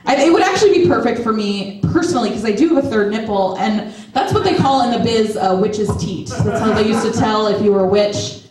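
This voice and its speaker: This stand-up comedian and host, a woman in her thirties, works a live crowd in a skate shop's back room with chatty, self-mocking material. She talks briskly with hardly a pause, her slightly high, darkish voice full of lively intonation. It's captured by a distant mic in an echoey space.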